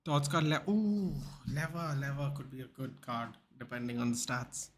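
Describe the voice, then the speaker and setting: A man's voice: medium pitch, lively intonation, normal speed, slight background noise. A young man hosting a live football watchalong, chatting casually, reading the chat and retelling clips in a rambling way. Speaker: live stream watchalong host.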